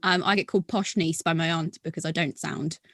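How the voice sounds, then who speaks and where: A woman's voice: low-pitched, fairly even intonation, brisk, fairly bright tone, dry recording. Chatty southern English woman, dry mic. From Norfolk, England. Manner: chatty storyteller, laughs between points. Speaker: podcast guest. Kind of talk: casual podcast chat.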